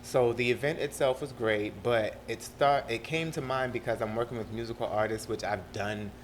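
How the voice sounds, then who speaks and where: A young man with a South Carolina accent, a producer talking as an interview guest in a lively, laughing way. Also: medium pitch, moderate pace, slight background noise. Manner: animated, laughing storyteller. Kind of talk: casual interview talk.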